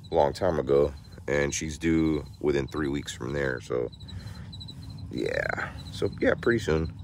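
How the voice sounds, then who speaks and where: A man's voice: rumbling low, a little hiss or hum. A man hosting a casual farm vlog, chatty and laughing often, cooing at his animals. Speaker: vlog host. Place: outdoors on a farm.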